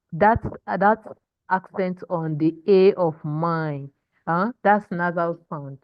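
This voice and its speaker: A woman teaching Portuguese in an online class, modeling words slowly and checking in with "okay?" and "hmm?" over a video call. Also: lowish voice, dry recording. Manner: slow, deliberate modeling of pronunciation. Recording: dull lo-fi call audio.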